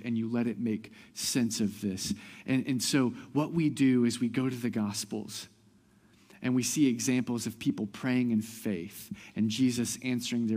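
A pastor giving a sermon, talking conversationally with restarts and building to loud, emphatic passages. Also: male voice, mid-range voice, in a large hall.

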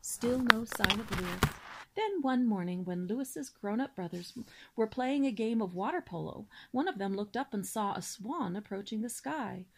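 Gravelly woman reading a storybook aloud. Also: mid-range voice, normal speed, a little hiss or hum. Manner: steady storybook reading with small slips. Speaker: reader. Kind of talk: reading a children's novel aloud.

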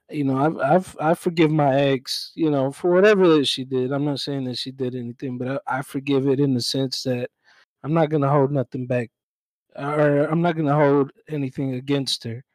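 A young man reflects aloud on a podcast, choosing his words slowly and leaning on fillers as he thinks. His voice is mid-pitched and recorded close and dry. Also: dry recording, poor audio. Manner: measured, reflective with frequent "um" and "you know". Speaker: podcast co-host. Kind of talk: casual chat.

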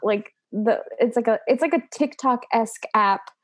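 A young woman in casual chat, telling a story in a giggly, animated way. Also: a little high, normal speed, dry recording.

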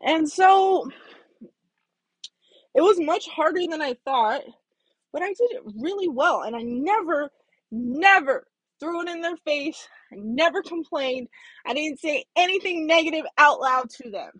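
A woman vlogging, telling a personal story candidly, swinging between hushed asides and loud bursts, with some swearing. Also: sits high, expressive, measured pace, dry recording. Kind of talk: casual storytelling monologue.

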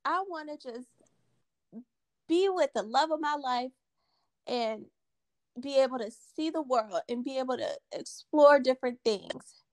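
Slow, earnest woman podcast host. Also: high-pitched, animated, no echo. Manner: earnest, emphatic, repeats key phrases for stress. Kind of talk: casual podcast conversation.

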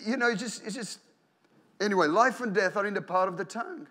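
A male pastor preaching a sermon in church, animated, acting out quoted prayers and inner voices, often repeating and restarting phrases. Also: high voice, quick pace.

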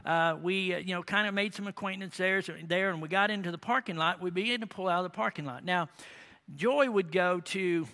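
A man's voice: high-pitched, fairly quick, sharp tone. A middle-aged man preaching, telling a family story in a folksy, rambling way with many asides and tag questions. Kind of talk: sermon storytelling.

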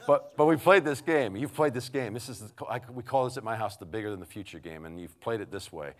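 A middle-aged man preaching in a conversational storytelling way, halting and restarting often, dropping to a hush and then rising loud. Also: fairly low pitch. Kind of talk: storytelling sermon.

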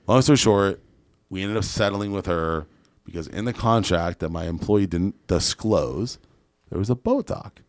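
A man with a very low voice tells a story on a podcast in a blunt, profane way and acts out what other people said. He sounds close and dry, with no room echo. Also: moderate pace. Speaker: guest entrepreneur.

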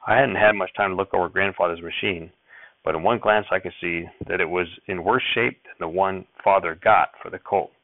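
This man reads a first-person audiobook chapter fairly quickly in a low voice, telling the story steadily. There's no room sound, though the audio comes across tinny, like a phone.

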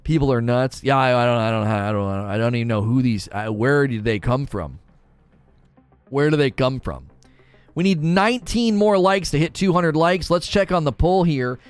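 A man chatting casually on a livestream, animated, ranting and laughing often. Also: mid-range voice, normal speed, smooth, no room sound, soft background music. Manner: animated, rants and laughs a lot. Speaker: streamer.

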